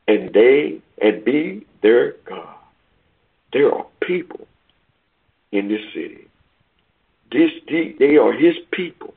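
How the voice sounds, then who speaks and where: A man preaching a sermon, reading scripture aloud and explaining it with emphatic swells and hushed asides. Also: mid-range voice, animated, slow, gravelly, long pauses, husky. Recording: tinny phone-like line.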